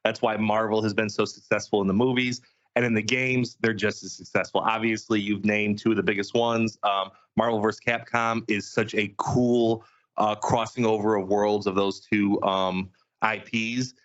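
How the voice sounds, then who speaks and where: A man's voice: lowish voice, flat delivery, normal speed. A man co-hosting a gaming podcast, teasing and wisecracking at the others. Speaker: podcast co-host. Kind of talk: casual podcast chat. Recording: dull lo-fi sound.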